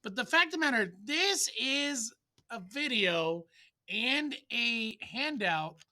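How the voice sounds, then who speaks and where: A man's voice: very high-pitched, animated, takes it slowly, bright, forceful tone. A man teaching wind players in a loose, chatty way, singing short syllables aloud to demonstrate how notes should sound. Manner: loose and chatty, with fillers and restarts. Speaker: music teacher. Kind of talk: casual instructional talk.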